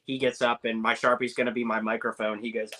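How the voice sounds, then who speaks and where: A young man telling animated anecdotes as a podcast guest, with lots of filler words. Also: mid-range voice, quick pace, poor audio. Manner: animated storyteller, many "like" fillers.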